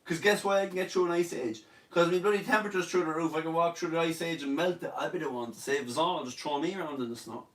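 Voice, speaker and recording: Speaking quickly with barely a pause, this young Irishman has a higher-pitched voice. He's an online comedian laid up sick in bed, running a relaxed live Q&A where he reads out viewer comments, cracking jokes and showing off. The recording is roomy and distant from the microphone.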